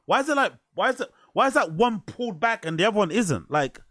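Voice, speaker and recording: Rambling male reaction host, crude, lively up-and-down delivery, dry close sound. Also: high-pitched, no room sound. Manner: crude, rambling, quick to laugh. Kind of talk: reaction commentary.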